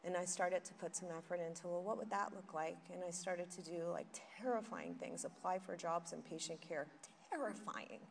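A woman giving a candid, animated personal testimony at a recovery meeting, acting out the voices in her story. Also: on the low side, normal speed, vocal fry, hardly any pauses. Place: meeting hall with audience. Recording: faint noise, long hall reverb.

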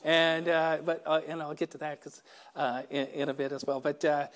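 A man's voice: fairly high pitch, little pitch movement, moderate pace, fairly bright tone. A middle-aged man giving a personal recovery talk, wry and self-deprecating, often stammering and restarting his sentences. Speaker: recovery meeting speaker.

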